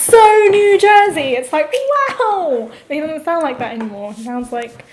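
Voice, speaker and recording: A woman's voice: high voice, lively intonation, normal speed, background noise. A young woman co-hosting a casual podcast chat, often trailing off mid-sentence. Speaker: podcast co-host.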